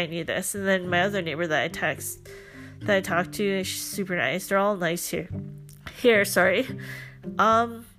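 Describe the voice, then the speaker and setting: A woman's voice: mid-range voice, a bit bright. A young woman of Filipino background hosting a podcast, telling a story in a chatty, casual way with lots of fillers and joking asides. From Filipino family, lives in Canada. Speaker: podcast host.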